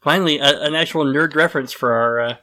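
A man's voice: fairly high pitch, quick pace, pushed and bright. Male podcast host, casual and rambling, self-deprecating. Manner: rambling, self-deprecating, lots of fillers and restarts.

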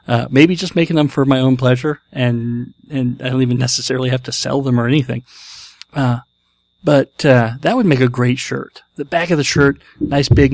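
A man's voice: medium pitch, no echo. Chatty, jokey male podcast host. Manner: jokey, self-deprecating, chatty. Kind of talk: casual podcast chat.

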